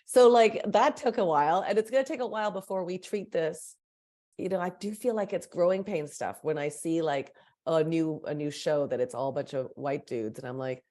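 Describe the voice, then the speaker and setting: A woman co-hosting a podcast, chatting casually with quick asides. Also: deep voice, mellow. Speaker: podcast co-host. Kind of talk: casual conversation.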